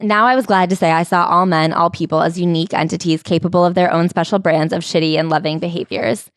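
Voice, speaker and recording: A woman's voice: on the low side, fairly even intonation, fast talker, dry recording. A woman co-hosting a comedic podcast, reading from a memoir and adding dry, sarcastic asides. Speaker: podcast co-host. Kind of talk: comedic book recap chat.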